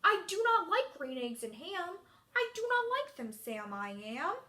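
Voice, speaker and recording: A woman's voice: very high-pitched, sing-song, measured pace, bright, forceful tone, heavily acted. Woman doing a grumpy storybook character. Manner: grumpy, insistent refusals. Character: grumpy stubborn picky-eater character.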